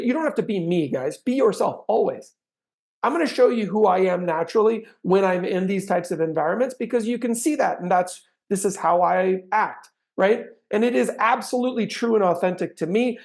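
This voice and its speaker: A man giving an animated sales training talk, acting out client conversations with bursts of energy. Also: high-pitched, vocal fry. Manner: animated, acts out sales dialogues with big swings in energy.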